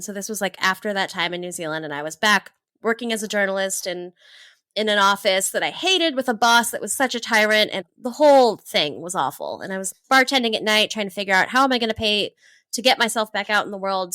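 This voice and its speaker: A woman from Hawaii, in her thirties, telling travel stories in a casual interview, lively and laughing often. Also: mid-range voice, dry recording. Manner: animated, laughs often, acts out her own past thoughts. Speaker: travel entrepreneur guest.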